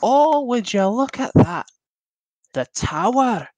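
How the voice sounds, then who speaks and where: A man's voice: very high-pitched, very animated, slow, a little mellow, no room sound, voice pushed up, heavily acted. A man voicing a grandiose traveling fortune teller during a tabletop game, with showy salesman patter, recorded dry and close. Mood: theatrical. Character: smooth theatrical male traveling fortune teller. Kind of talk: tabletop game role-play.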